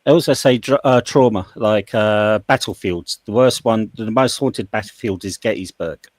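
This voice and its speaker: A man's voice: lowish voice, normal speed, no echo. A man in a casual group voice chat, telling stories in a rambling way and correcting himself as he goes. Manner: rambling, self-correcting storyteller.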